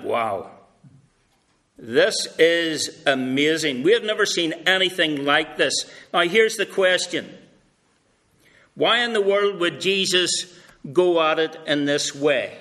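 A man preaching in church, taking his time over each phrase. His voice sits slightly high with a bright, forward edge. He tells the story plainly and talks to the congregation like they're friends. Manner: storytelling preacher, conversational asides. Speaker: pastor. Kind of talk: sermon.

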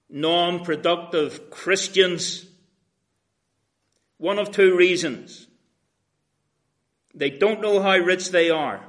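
A man's voice: on the high side, fairly bright tone. A male pastor, preaching an earnest sermon and citing scripture verses.

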